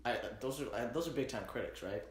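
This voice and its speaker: A man's voice: medium pitch, expressive, fast talker. A man co-hosting a casual podcast, tossing in dry puns and jokes. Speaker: podcast co-host. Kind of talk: casual chat. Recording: roomy echo.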